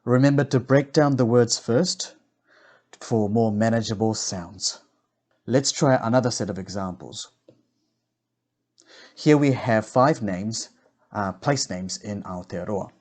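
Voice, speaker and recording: A man teaching pronunciation, slowly enunciating sounds and words for the listener to repeat. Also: lowish voice, darkish tone. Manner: slow, deliberate, carefully enunciated drilling. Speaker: language teacher. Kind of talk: pronunciation lesson.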